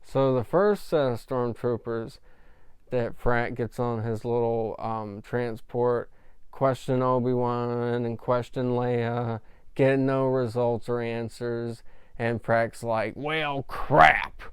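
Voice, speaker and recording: A man's voice: medium pitch, fairly even intonation, slow, a little mellow, clear, resonant tone, no room sound, clean studio sound. A man reviewing a show episode in a casual, rambling recap with many fillers. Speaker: film reviewer.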